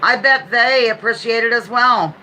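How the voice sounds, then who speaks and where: Bright-voiced woman hosting a live trivia stream. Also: a little high, moderate pace, slight background noise, low-quality recording. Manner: chatty, playful asides, reads questions aloud. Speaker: livestream trivia host. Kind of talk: casual live-stream quiz chat.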